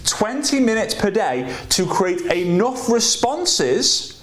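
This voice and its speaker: A man giving instructional sales coaching in a measured, scripted-sounding way. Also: high voice, sing-song, a bit bright, roomy sound. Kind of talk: instructional talk.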